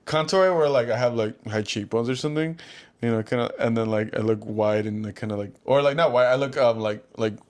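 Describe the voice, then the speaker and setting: A young man co-hosting a podcast, chatting casually and rambling through loose, animated stories. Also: medium pitch, fairly quick. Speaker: podcast co-host. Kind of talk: casual chat.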